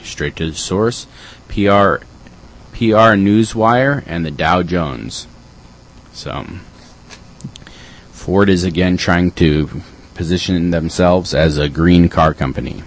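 A man's voice: low voice, poor audio. A man co-hosting community radio, reading environmental news items with dry joking asides.

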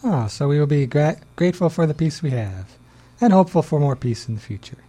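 Man, radio co-host, fairly high voice, mellow tone, easygoing announcements. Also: lively intonation, a little fast. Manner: easygoing, laughs, reads announcements. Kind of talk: casual radio chat. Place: radio studio.

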